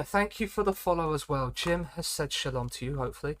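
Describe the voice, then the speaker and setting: A man's voice: a little high, animated, fairly quick, hardly any pauses, a bit bright. Chatty man streaming a game. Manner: chatty, rambling, repeats catchphrases. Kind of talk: casual live-stream commentary.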